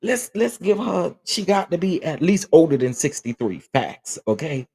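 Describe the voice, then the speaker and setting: Husky-voiced emotional male livestream host. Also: on the high side, sing-song, normal speed, few pauses, warm tone. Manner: emotional, earnest, repeats himself. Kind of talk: casual livestream chat.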